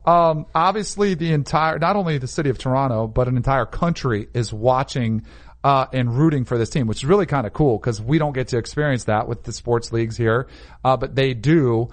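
A man's voice: medium pitch, brisk. Opinionated male sports talk host. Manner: conversational, opinionated, animated. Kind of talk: casual sports chat.

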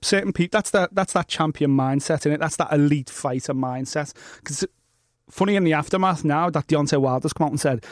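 A man co-hosting a podcast in casual chat, emphatic and swearing, with quick affirmations. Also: a little high, dry recording, clean studio sound. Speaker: podcast co-host.

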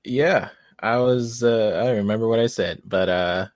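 A man's voice: lowish voice, moderate pace, no room sound. Laid-back man, dry sound. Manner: relaxed, hesitant, many fillers. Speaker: podcast panel member. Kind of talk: casual podcast chat.

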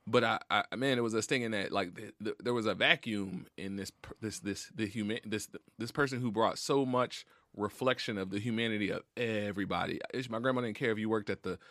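A man's voice: fairly low pitch, a bit bright, dry recording. Earnest, emotional man in a studio. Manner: emotional, earnest, drawn-out storytelling with slang. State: close to tears. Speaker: podcast guest. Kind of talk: heartfelt casual conversation. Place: recording studio.

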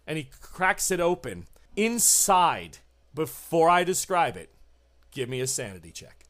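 A man running a tabletop horror game as game master, narrating scenes in an unhurried, descriptive way. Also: on the high side, sing-song, fairly bright tone. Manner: unhurried, descriptive, laughs with players.

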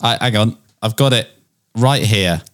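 A man's voice: on the low side, unhurried, dry recording. A man co-hosting a podcast with dry, teasing humour. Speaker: podcast co-host. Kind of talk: casual podcast banter.

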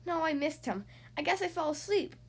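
Lady putting on a squeaky little girl voice, dramatic and whiny, big squeals in a storybook. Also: animated, fairly quick. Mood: excited, whiny. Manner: squealing, exaggerated outbursts.

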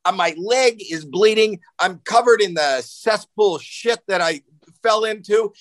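A man in his sixties, a podcast guest telling a long, animated anecdote and acting out panic in it. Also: sits high, no room sound, rough recording. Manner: excitable, acts out panic and shouting in anecdotes. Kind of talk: animated storytelling.

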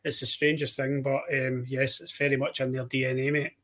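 A man's voice: mid-range voice, completely flat delivery, brisk, a bit bright. A Scottish man co-hosting a podcast, chatting casually in a wry, storytelling way. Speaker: podcast co-host.

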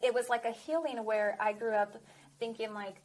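Earnest higher-voiced woman sharing testimony. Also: steady tone, moderate pace, darkish tone, poor audio. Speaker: guest.

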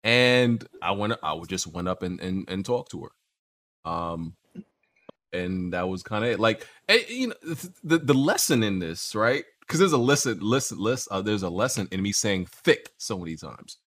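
Young male podcast host, low voice, swings up and down a lot, slangy, repeats himself, casual storyteller. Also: big pitch swings, normal speed, fairly bright tone. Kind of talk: casual gaming podcast chat.

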